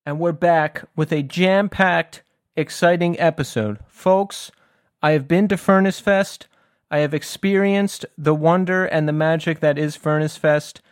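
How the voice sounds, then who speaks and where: A man's voice: on the high side, fairly even intonation, measured pace, clean tone, no echo, studio quality. A man hosting a podcast, talking in an upbeat, enthusiastic way. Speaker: podcast host. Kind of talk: casual podcast chat.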